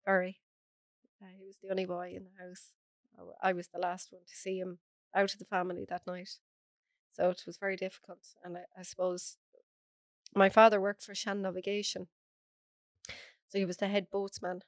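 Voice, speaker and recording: A woman's voice: medium pitch, monotone, brisk, long pauses, no room sound. An Irish woman, a podcast guest, earnestly recounting a personal story in close detail. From Ireland.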